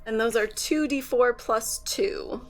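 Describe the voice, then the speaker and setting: A woman's voice: a little high, slow pace, faint music behind. A woman narrating as game master in a chatty, laughing manner. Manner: chatty, laughing, with filler words.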